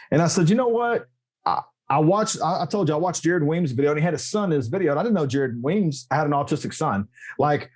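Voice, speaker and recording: A man speaks as a podcast guest in a loose, candid way, with his voice sitting a bit high. He tells a personal story with plain emotion, drops in swear words and stumbles over restarts. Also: a little mellow. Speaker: podcast guest, motorcycle YouTuber. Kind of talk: casual interview chat.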